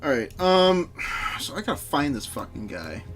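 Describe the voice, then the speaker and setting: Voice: mid-range voice, very animated, moderate pace, soft background music. A game streamer chatting casually on a live stream, rambling and swearing while answering chat, often breaking into laughter. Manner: frequent laughter.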